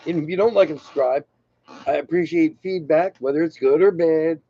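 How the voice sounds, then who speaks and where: Gravelly older man rambling on his channel. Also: a little high, normal speed, dark tone, dry recording. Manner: rambling, loose, self-deprecating asides. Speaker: channel host. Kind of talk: casual unscripted monologue. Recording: dull lo-fi sound.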